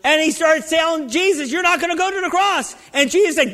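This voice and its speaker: Male preacher, very high voice, fervent and call-and-response, long hall reverb. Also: fairly quick, sharp tone. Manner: fervent, calls out to the congregation. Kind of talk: sermon.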